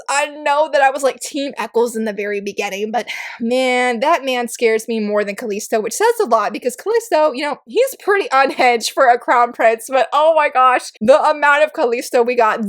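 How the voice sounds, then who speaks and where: A woman's voice: high voice, moderate pace, few pauses. A woman giving a casual reading wrap-up vlog. She gushes with enthusiasm and chats with plenty of fillers. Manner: gushing, enthusiastic fangirling; chatty with frequent fillers. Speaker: book reviewer.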